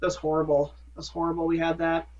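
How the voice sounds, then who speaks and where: A man's voice: a little high, completely flat delivery, fast, far from the mic, slight background noise. A man from Minnesota co-hosts a podcast in a loose, rambling chat, correcting himself as he goes and laughing at his own jokes. His voice sits back from the mic. The recording sounds muffled and dull. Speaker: podcast co-host. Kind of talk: casual chat.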